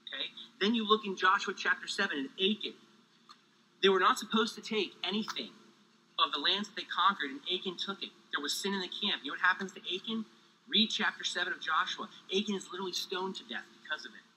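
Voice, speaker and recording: A man preaching a sermon with lively energy, joking asides and heat, sweating as he talks. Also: sits high, fast talker, husky, poor audio. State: sweating, overheated. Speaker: pastor.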